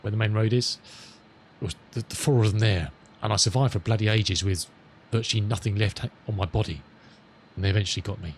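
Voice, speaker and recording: A middle-aged man chatting casually with viewers as a live streamer, rambling and amused, reading radio calls slowly. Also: lowish voice, a little hiss or hum. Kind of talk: casual chat with viewers while flying.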